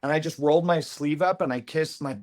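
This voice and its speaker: A man's voice: fairly high pitch, a little fast, a little mellow. A man hosting a casual chat, enthusiastic as he retells his own audition. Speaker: host, former contestant.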